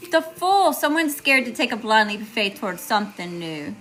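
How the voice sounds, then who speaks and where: A woman's voice: medium pitch, very animated, fast, hardly any pauses, sharp tone, soft background music. A woman with a Southern accent doing a live tarot reading, chatty and casual, greeting viewers by name between cards. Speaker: tarot reader.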